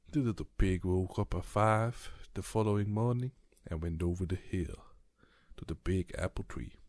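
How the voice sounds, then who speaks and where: A man reading a bedtime story aloud in a calm, soothing, soft-spoken ASMR manner. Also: deep voice, moderate pace, no echo.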